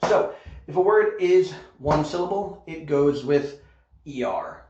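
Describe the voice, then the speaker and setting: A man's voice: on the high side, animated, takes it slowly, darkish tone, a little hiss or hum. A man teaching English in a recorded online lesson, explaining patiently step by step and often checking in with "okay?". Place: Korea. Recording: echoey room, muffled sound.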